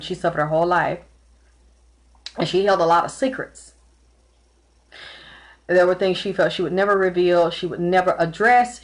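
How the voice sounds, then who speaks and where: A woman giving a live-streamed tarot and spirit reading, talking earnestly and emotionally, often repeating herself. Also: fairly low pitch. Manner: close to tears at times. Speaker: tarot reader and psychic.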